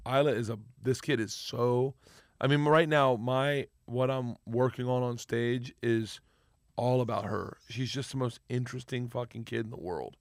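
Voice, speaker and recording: A middle-aged man telling stories in casual podcast chat, rambling, with bursts of loud laughter. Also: medium pitch, fairly even intonation, normal speed, no echo, studio quality. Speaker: comedian guest.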